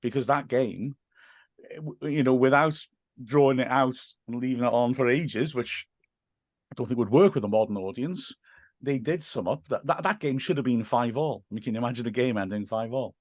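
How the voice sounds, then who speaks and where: A man with a Welsh accent, a guest on a podcast, chatting casually and telling animated stories with frequent restarts. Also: mid-range voice, moderate pace, dry recording, clean studio sound. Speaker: podcast guest, football commentator. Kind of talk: casual chat.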